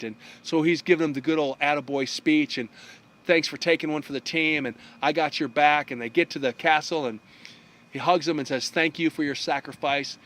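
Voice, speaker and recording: Animated male storyteller, somewhat high voice. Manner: animated storyteller, briefly acting out the characters' lines. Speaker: speaker telling a story. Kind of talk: storytelling talk.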